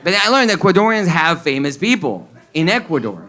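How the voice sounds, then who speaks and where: A man's voice: high voice, big pitch swings, a little fast, noisy background. A man from Colombia with a Colombian accent, doing a stand-up set that mixes English and Spanish and acts out the people in his stories. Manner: switches between English and Spanish, acts out characters. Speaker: stand-up comedian. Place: comedy club stage with audience.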